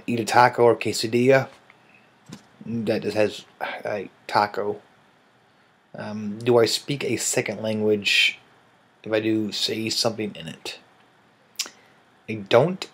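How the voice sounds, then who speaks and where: A man in his thirties with a fairly low voice. He rambles through viewer questions in an offhand way, slipping in dry little jokes as he goes. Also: fairly bright tone. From American Midwest. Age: 30s. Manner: offhand, rambling, dryly joking. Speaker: vlogger. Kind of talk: casual vlog answering viewer questions.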